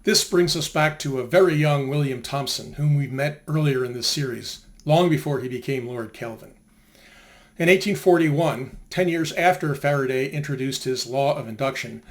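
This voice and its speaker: An older man giving a conversational history of science lecture, asking rhetorical questions as he goes. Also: medium pitch.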